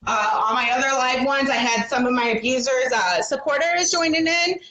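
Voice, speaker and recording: A woman's voice: high-pitched, normal speed, bright, forceful tone. A woman talking into her phone on a livestream, agitated and defiant, swearing as she tells her own story. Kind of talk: emotional livestream monologue.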